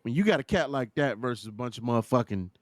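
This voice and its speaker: A man's voice: mid-range voice, animated, fast, no echo. A man hosting a podcast in loose, profane chat, laughing often. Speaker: podcast host.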